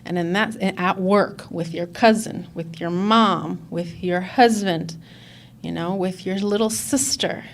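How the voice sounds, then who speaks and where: Sharing her recovery story as a conference speaker, this Chicago-area woman is earnest and candid, performing the dialogue of conversations she remembers. Her pitch is fairly low and her tone steady as she takes it slowly, with a little background noise.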